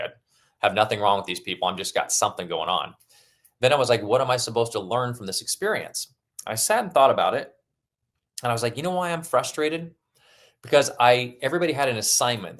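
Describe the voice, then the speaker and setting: A man's voice: mid-range voice, fairly bright tone. A man presenting a motivational webinar as a coach, talking conversationally and acting out his own thoughts as examples. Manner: conversational, acts out his own inner dialogue.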